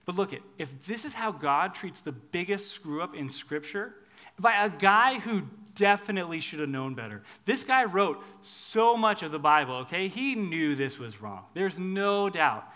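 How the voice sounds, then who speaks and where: A man preaching a conversational sermon, swinging between hushed asides and loud, emphatic lines. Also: high-pitched, animated, moderate pace.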